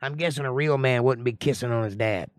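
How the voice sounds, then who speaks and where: A man's voice: fairly quick, dry recording. Man reading scripture with chatty asides. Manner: reads scripture aloud and breaks in with casual, joking commentary; voices the figures in the reading with rising pitch and a whiny tone. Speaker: Bible study teacher. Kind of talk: livestream Bible study.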